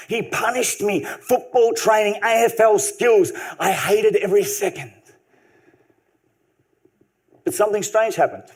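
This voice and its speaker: A man telling an unscripted story on stage, humorous and animated. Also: high-pitched. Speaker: speaker. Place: live stage talk.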